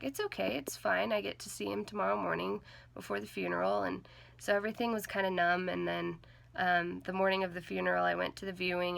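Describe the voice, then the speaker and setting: Earnest young woman with a gravelly low voice. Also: fairly bright tone. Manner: earnest, halting, heavy with fillers like "like" and "um". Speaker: vlogger. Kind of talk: personal storytelling to camera.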